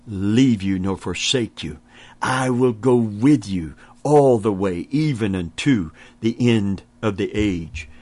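Man preaching, slow and deliberate, lowish voice, emphatic repetition, frequent hallelujahs. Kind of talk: sermon.

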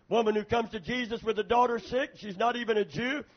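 Calling often for amens, a pastor preaches at a moderate pace in a high, faintly husky male voice. His sermon shifts from quiet, intimate asides to loud, impassioned prayer, captured in a muffled, lo-fi church recording reminiscent of an old tape.

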